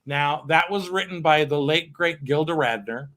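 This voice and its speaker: Fairly high-pitched and a bit bright, a man speaks at a normal speed while hosting a cabaret live stream from his piano. He fills the gaps between songs with cheeky, campy chatter to viewers and frequent laughter.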